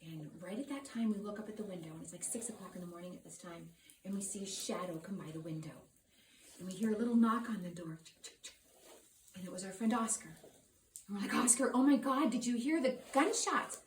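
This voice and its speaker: A middle-aged woman telling a personal story to a live audience, lively, acting out the people and sounds in it. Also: on the low side, a little fast, a little hiss or hum. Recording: roomy sound from a distant mic.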